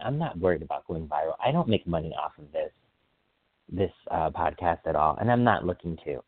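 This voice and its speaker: A man hosting a solo podcast, chatting casually in an excitable, rambling way and often apologizing for going off track. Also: low-pitched, dry recording. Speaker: podcast host. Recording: dry, phone-like sound.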